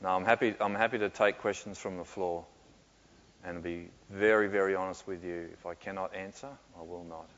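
A man answering questions in a sermon, reflective and often pausing with fillers and soft laughs. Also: low voice, steady tone, slight background noise. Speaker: pastor. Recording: muffled with long hall reverb.

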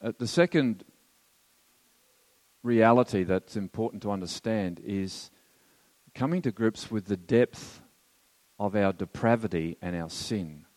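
A man's voice: lowish voice, darkish tone, long reverb tail. A man teaching theology as a sermon, earnest and emphatic, with wry asides to his listeners. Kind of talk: sermon lecture.

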